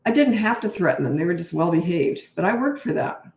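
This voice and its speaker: A woman's voice: lowish voice, lively intonation, fairly quick, a little mellow. Blunt woman parenting coach, echoey room. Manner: blunt, emphatic, acts out her own replies to kids. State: tired. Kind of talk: live Q&A advice talk.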